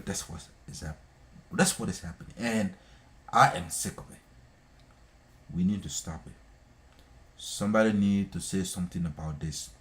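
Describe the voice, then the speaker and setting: A man hosting a live stream, scolding people in an impassioned monologue, repeating himself and hammering his points. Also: sits low. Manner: scolding, repetitive, emphatic.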